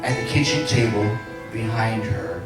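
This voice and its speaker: A man's voice: fairly low pitch, animated, a little slow, distant mic, music in the background. A man in his sixties giving an inspirational speech, telling a personal story with comic punchlines. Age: 60s. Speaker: inspirational speaker. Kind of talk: motivational speech. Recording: echoey hall, heard from afar.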